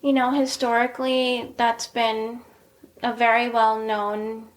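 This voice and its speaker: A woman's voice: on the high side, flat delivery, takes it slowly. A woman in her forties hosting a casual podcast chat, chatty and encouraging, laughing easily. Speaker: podcast host.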